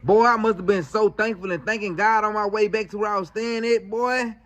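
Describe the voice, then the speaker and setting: A man casually telling a true story, slangy and animated, full of fillers. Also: sits high, a little fast.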